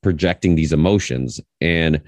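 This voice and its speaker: A podcast host with an extremely low, deep voice tells stories in a loose, rambling way, often restarting his sentences. He sounds close to the mic, with a dry, dead recording. He is a man in his thirties. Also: moderate pace, no echo. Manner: rambling, animated storytelling with many restarts. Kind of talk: casual conversation.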